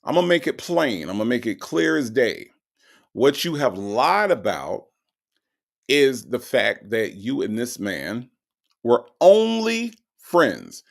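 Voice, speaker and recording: A man's voice: medium pitch, vocal fry. A man hosting a show, mocking and emphatic as he reacts to recorded calls and reads viewer comments aloud.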